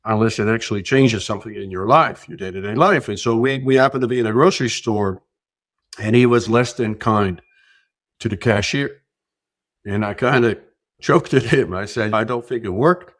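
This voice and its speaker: Earnest man sharing spiritual stories. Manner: earnest, rises in pitch and loudness when making a point. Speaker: podcast guest, keynote speaker. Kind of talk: reflective conversational storytelling.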